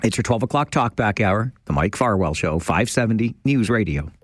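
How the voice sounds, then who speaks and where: Enthusiastic radio host. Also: male voice, lowish voice, lively intonation, moderate pace, a little hiss or hum. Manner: chatty, enthusiastic, self-deprecating. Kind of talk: call-in talk radio. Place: radio studio. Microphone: studio microphone.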